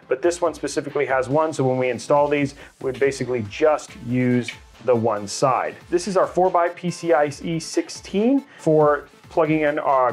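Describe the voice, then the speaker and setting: A man hosting a tech channel's hands-on tutorial explains each step with enthusiasm, chatting along with fillers and quick side comments. His voice is a little on the high side.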